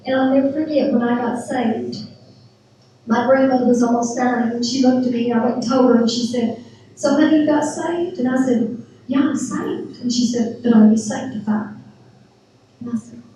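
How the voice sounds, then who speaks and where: A middle-aged woman giving a church testimony, retelling events with lively quoted dialogue. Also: high-pitched, moderate pace, recorded from a distance, slight background noise. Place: church sanctuary. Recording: very echoey church hall from afar.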